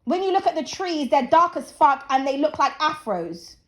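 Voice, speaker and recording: A woman's voice: high-pitched, expressive, normal speed, a bit bright. A woman in her thirties hosting her channel, ranting bluntly and profanely in a casual, preachy opinion talk. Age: 30s. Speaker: channel host. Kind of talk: casual opinion rant to camera.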